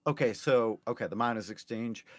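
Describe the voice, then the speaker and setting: A man's voice: medium pitch, a little fast, dry recording. Dry-voiced man at a game table. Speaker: player. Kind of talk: tabletop role-play.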